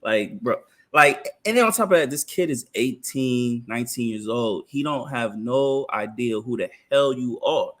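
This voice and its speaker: A young man co-hosting a podcast in casual, slang-heavy banter. His pitch swings widely as he talks, and his tone is bright and sharp. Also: normal speed, hardly any pauses. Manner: animated, slangy, laughs often. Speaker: podcast co-host. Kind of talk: casual chat.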